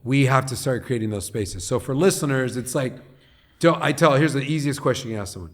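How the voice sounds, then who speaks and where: A middle-aged man from Long Beach, California, talking as a guest on an interview podcast in an earnest, animated way. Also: medium pitch, brisk. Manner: earnest and animated, often acting out what people say. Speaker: guest, head of a nonprofit.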